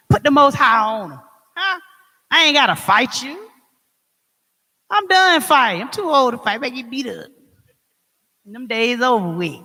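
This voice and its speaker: Woman preaching self-love to a crowd, bright lively voice, lots of huh? and okay?. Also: a little high, moderate pace, pauses often, breathy edge. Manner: emphatic, preacherly, call-and-response asides. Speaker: speaker. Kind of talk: motivational talk to an audience. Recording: echoey hall.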